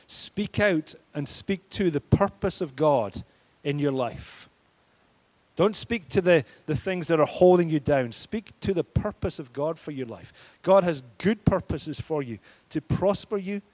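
A man's voice: a little high, animated, unhurried, darkish tone. A man preaching a sermon, emphatic and declaring, his force rising and falling. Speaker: pastor.

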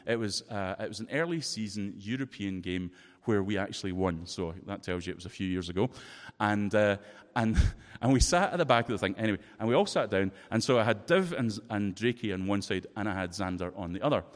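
A man with a Scottish accent preaching a sermon, telling a personal story in a lively, expressive way. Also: on the low side, brisk. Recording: long reverb of a large hall.

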